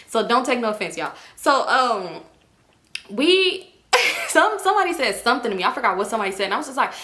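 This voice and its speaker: Telling a storytime to her channel's viewers, a woman vlogger speaks casually and animatedly, swearing freely and often breaking into laughter. Her voice is fairly high and a little fast.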